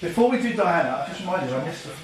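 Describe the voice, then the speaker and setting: A man hosting a casual livestream, chatting with a co-host and a caller, excitable and swinging from mumbles to shouts. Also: on the high side, very fast, crowd noise.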